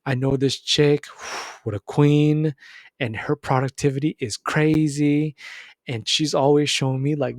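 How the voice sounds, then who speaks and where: A young adult man hosting a casual self-improvement talk, rambling and animated, correcting himself and calling the listener "bro". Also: fairly high pitch, measured pace, no room sound. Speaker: self-improvement video host.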